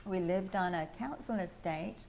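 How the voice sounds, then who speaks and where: An older woman with an English accent, sharing a meandering personal testimony with soft laughs. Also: fairly low pitch, moderate pace, creaky, slight background noise. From England. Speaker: testimony speaker at a prayer house.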